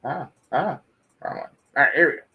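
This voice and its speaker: A man hosting a morning stream in casual chat, relaxed, chatty and profane. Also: fairly high pitch, fairly quick, highs cut off. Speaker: livestream host.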